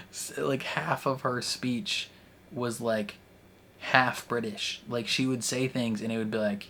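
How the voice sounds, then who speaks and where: A man's voice: medium pitch, steady tone, measured pace, fairly bright tone, a little hiss or hum. A young man chatting casually about a movie he just watched, rambling with lots of fillers and frequent laughter. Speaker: movie reaction youtuber. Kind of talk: casual movie review chat.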